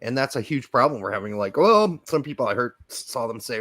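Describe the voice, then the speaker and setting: A man's voice: medium pitch, lively intonation, fairly quick, fairly bright tone. A young adult man co-hosting a sports podcast, talking casually in a jokey, rambling way. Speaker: podcast co-host.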